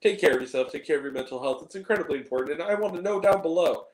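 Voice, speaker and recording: A man's voice: on the high side, animated, rapid-fire, echoey room, low-quality recording. A man hosting a movie review video, rambling casually with plenty of fillers and casual swearing.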